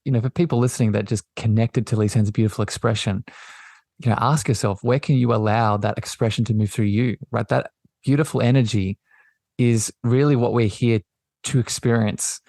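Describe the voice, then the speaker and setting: A man hosting a podcast, talking in a gentle, affirming way and often circling back over his words. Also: mid-range voice, fairly even intonation, brisk, no echo, clean studio sound. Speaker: podcast host. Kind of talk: reflective spiritual conversation.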